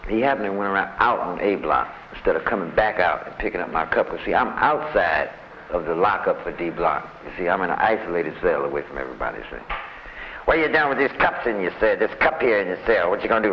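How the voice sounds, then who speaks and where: Man, very low voice, rambling street slang, muffled old tape, faint hiss. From United States. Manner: loose and rambling, full of "man" and "you know". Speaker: interviewee recounting time in solitary. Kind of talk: casual storytelling in street slang. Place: prison visiting room.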